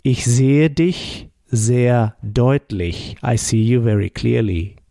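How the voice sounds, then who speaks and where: Slow, gravelly-voiced male language teacher. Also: mid-range voice, dark tone, no room sound, studio quality. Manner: explains slowly and patiently, models each answer. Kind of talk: slow, patient language lesson with pauses for the listener.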